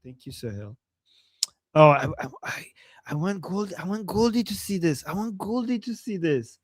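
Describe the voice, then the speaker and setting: Excitable high-voiced man on a livestream. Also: moderate pace, slightly rough, dry recording. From Iran. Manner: excitable, laughs often, bursts of exclamations. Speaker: livestream co-host. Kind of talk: live reaction stream.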